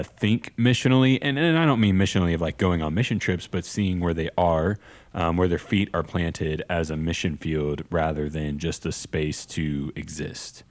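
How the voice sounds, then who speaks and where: Deep-voiced man hosting, hesitant. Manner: brief affirmations, hesitant questions with many "um"s. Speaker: podcast host. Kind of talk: casual chat.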